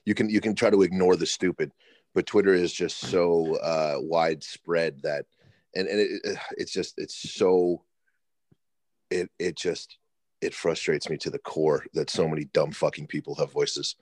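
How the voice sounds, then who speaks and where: Deep-voiced man, halting rant. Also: steady tone, darkish tone, dry recording. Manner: halting, repeats words, ranting. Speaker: podcast co-host. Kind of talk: casual sports podcast chat.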